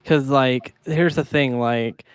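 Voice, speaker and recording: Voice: medium pitch, clear, resonant tone, dry recording. Laughing host in a dry room. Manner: laughs often, quick reactive banter. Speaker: podcast host. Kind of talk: casual podcast chat.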